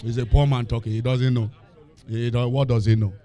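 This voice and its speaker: A male preacher giving a lively sermon, asking the congregation questions and laughing between points. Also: mid-range voice, a little fast. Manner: animated, call-and-response questions, laughing asides.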